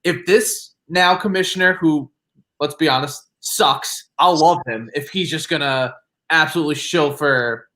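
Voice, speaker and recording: A man's voice: on the high side, a little slow, bright, forceful tone. A man, co-hosting a podcast with blunt, opinionated remarks. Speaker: podcast co-host. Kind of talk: casual chat.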